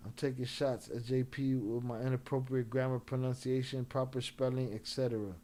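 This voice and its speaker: A man's voice: mid-range voice, level tone, a little fast, mellow. A man hosting a live stream in loose, joking slang, laughing often, a few drinks in. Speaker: livestream host. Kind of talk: casual live-stream chat.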